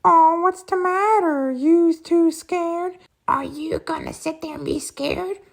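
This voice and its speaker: A man's voice: extremely high pitch, sing-song, slow, vocal fry, voice pushed up, exaggerated voice. A man voicing a gang of wild, bullying male logging engines in a sneering, taunting way.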